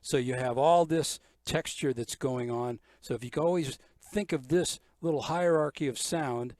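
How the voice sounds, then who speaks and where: This older drum teacher, using a medium-pitched, slightly mellow voice at a moderate pace, gives clinic instruction by breaking ideas into steps and counting the beats. There's no room sound, though drum kit music plays in the background.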